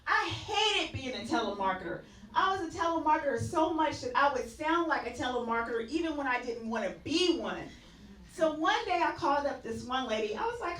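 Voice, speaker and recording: Bright, high-voiced woman doing stand-up. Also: animated, brisk, echoey room, far from the mic, rough recording. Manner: chatty, laughs at her own punchlines. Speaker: stand-up comedian. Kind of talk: stand-up comedy set. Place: comedy club stage.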